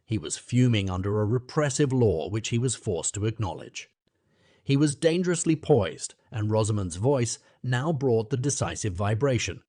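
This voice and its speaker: A man narrating a classic novel as an audiobook, in a measured, literary reading. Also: lowish voice, animated, warm tone, no room sound, clean studio sound.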